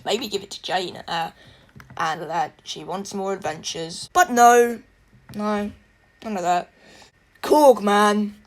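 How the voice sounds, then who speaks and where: Woman reviewer, conversational and effusive, mid-range voice, quick to laugh. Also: medium pitch, a little hiss or hum. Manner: chatty and gushing, with frequent laughs. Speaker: film reviewer. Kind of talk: casual spoken film review.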